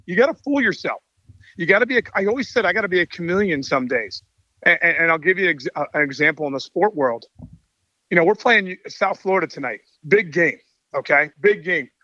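A man's voice: fairly high pitch, no room sound, lo-fi sound. A middle-aged man, a baseball coach and author, talking energetically and telling stories in a casual interview. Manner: energetic, enthusiastic storyteller. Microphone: call mic.

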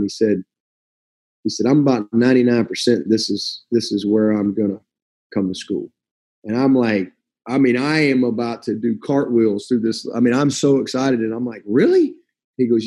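Mellow husky man telling a story. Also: mid-range voice. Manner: animated, acts out quoted voices. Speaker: college football coach. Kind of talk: casual storytelling.

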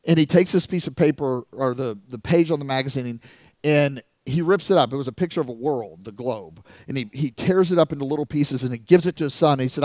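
A middle-aged man telling a story as a motivational speaker, animated, acting out the voices of the people in it. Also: medium pitch, fairly quick, no echo. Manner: animated, acts out the voices of people in his stories. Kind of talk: storytelling talk to a live audience.

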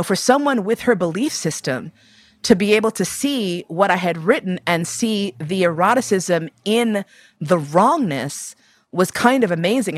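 A woman with a somewhat low voice recounts a personal story for an interviewer, blunt and profane, laughing as she goes. The sound is close and dry, with no room around it. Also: no room sound. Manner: animated, profane, laughs often.

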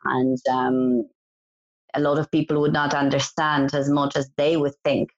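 Woman guest, deep voice, earnest and chatty; muffled lo-fi sound. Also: level tone, measured pace. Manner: earnest, advice-giving, laughs easily. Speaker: guest, events business founder. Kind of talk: casual interview chat. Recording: dull lo-fi audio.

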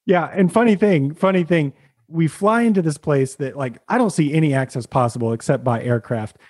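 A man, a podcast host, telling a lively anecdote in casual chat. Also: a little high, fairly quick. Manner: animated anecdote telling with laughs.

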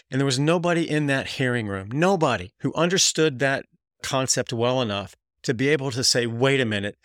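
A man's voice: mid-range voice, fairly bright tone, dry recording, clean studio sound. A man hosting a podcast, giving earnest analytical commentary that builds in emphasis, with occasional restarts. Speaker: podcast host.

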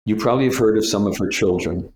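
Older male guest, deep low voice, spins lively showbiz anecdotes and slips into quoted voices; casual interview storytelling. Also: fast, a loud crowd. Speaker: retired casting director, guest.

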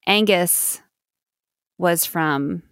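Chatty American woman with a creaky voice. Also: on the low side, very slow, fairly bright tone, no echo, studio quality. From United States. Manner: chatty, self-deprecating, laughs often. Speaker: podcast co-host. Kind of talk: casual chat.

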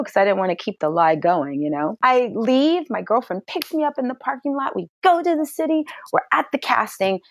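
Lively middle-aged woman telling a story. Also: a little fast, hardly any pauses, no echo, clean studio sound. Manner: lively storyteller who acts out quotes in a high excited voice. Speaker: actress. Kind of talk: personal storytelling in an interview.

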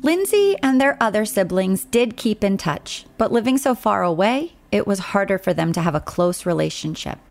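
A woman narrating a true-crime documentary in a measured, scripted storytelling delivery. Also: medium pitch, big pitch swings, gravelly.

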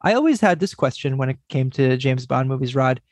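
A man's voice: medium pitch, brisk, no echo. A man co-hosting a podcast, chatting casually and joking with enthusiasm. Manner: lively, jokey, enthusiastic. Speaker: podcast co-host.

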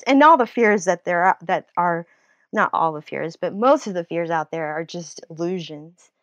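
This guest, a nurse-writer in a laid-back interview, has a voice on the low side and no echo around it. She rambles energetically, frequently laughing and beginning her thoughts over.

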